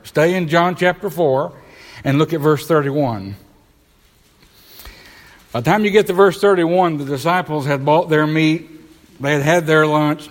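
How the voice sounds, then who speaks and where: A middle-aged man preaching a sermon, reading scripture aloud and putting rhetorical questions to his congregation. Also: on the high side. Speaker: pastor. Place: church sanctuary. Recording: live church sound with long reverb.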